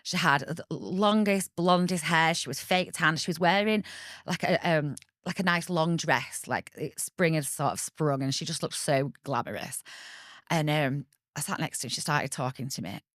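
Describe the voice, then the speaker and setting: A woman in her thirties tells her personal story as a podcast guest, chatty and animated. Her voice sits on the low side and sounds dry and close to the mic. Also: moderate pace, dry recording. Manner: chatty, animated, laughs often and acts out quoted voices.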